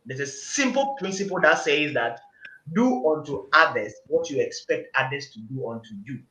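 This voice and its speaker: A man with a high, bright voice that rings out, preaching his points with insistent repetition. He is recorded in an echoey room, and the sound is dull and lo-fi. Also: expressive, normal speed, slight background noise. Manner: emphatic, preachy, repeats phrases for emphasis. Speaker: panel guest. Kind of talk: casual group discussion.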